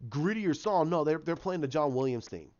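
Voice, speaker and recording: A man giving a casual, animated review of a TV episode, ranting, swearing and acting out the characters' lines. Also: a little high, normal speed, dull audio. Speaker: YouTube show reviewer.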